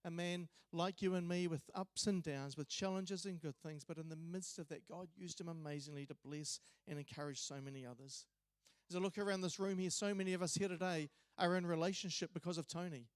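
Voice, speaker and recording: High-voiced kiwi man giving a eulogy. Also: steady tone, a little fast, clear, resonant tone, dry recording. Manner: conversational storytelling with hesitations. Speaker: eulogy speaker. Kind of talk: memorial eulogy. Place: church.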